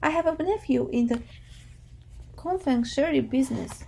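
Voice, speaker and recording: A woman's voice: high-pitched, lively intonation, normal speed, creaky, a little mellow, slight background noise. Woman reading as a sad, shabby former actor. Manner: hesitant, apologetic, sad.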